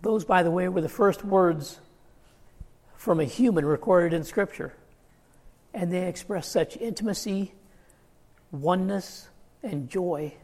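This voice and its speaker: Male preacher, sermon delivery, emphatic and earnest; gravelly, reverberant church sound. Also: high voice, a little slow, pauses often, darkish tone. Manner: earnest, emphatic, quoting scripture in acted asides.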